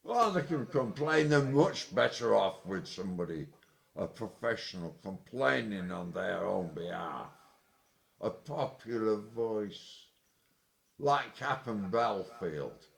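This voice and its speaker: A tipsy man delivering an angry, sweary, rambling monologue, with sudden loud outbursts. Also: lowish voice, animated, slow, gravelly. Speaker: vlogger. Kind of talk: ranting monologue.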